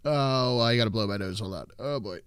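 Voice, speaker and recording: A man's voice: medium pitch, brisk, a bit bright, smooth, dry recording, studio quality. A man hosting a livestream, chatting casually and cursing as he reads out viewers' messages. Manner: casual, profane, reads chat names aloud. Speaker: livestream host. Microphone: desk microphone.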